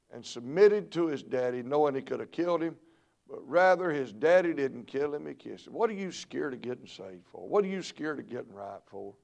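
Gravelly preacher, rising to shouts. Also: male voice, on the high side. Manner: preaches with swings from murmurs to shouted peaks. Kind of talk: revival sermon. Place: church sanctuary.

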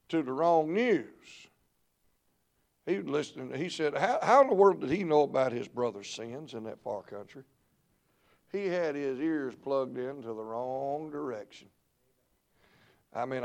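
A middle-aged man preaching a revival sermon in church, swinging between low murmurs and shouted peaks. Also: creaky. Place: church sanctuary.

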